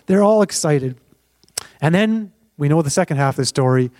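A man preaching as a pastor, telling the story in a lively, conversational way and acting out the voices of the people in it. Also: a little high, fast, no room sound. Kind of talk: sermon storytelling.

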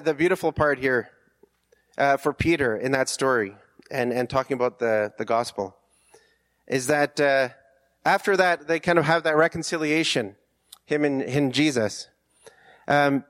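A man's voice: fairly high pitch, a bit bright. A man preaching a conversational sermon, earnest, with rhetorical questions and frequent restarts.

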